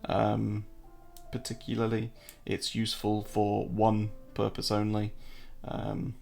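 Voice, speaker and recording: A man's voice: on the low side, completely flat delivery, slow, gravelly, a little mellow, soft background music. An English man hosting a casual live-stream, joking, answering viewer chat and walking through trading charts. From England.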